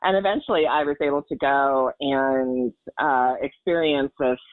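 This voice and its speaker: A woman's voice: extremely low pitch, normal speed, no room sound. Earnest woman on a tinny line. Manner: earnest and emotional, rambling with many fillers and restarts. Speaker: podcast guest. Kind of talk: personal storytelling in casual chat. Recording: tinny phone-like line, dry.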